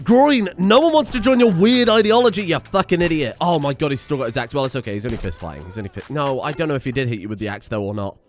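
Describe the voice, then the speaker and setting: Man, fairly high voice, bouncy swooping delivery, exasperated swearing game commentary, faint background music. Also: fast, hardly any pauses. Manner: animated, exasperated, swears often, talks to game characters. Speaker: gaming video creator. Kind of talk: let's-play game commentary.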